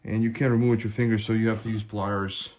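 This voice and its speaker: Talking fast in a lowish, slightly mellow voice with little pitch movement, a tech host casually guides viewers, whom he calls guys, through a hardware install step by step while he works. Some slight background noise is audible.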